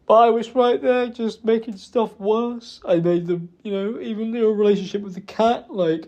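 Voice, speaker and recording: Remorseful man, halting speech. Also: high-pitched, darkish tone. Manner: halting, remorseful, many pauses and restarts. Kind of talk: emotional private apology recording. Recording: dull lo-fi recording.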